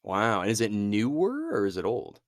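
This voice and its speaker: A man's voice: on the low side, wildly swooping pitch, moderate pace, no room sound, clean studio sound. A young man co-hosting a podcast in casual chat, enthusiastic and laughing often. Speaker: podcast co-host.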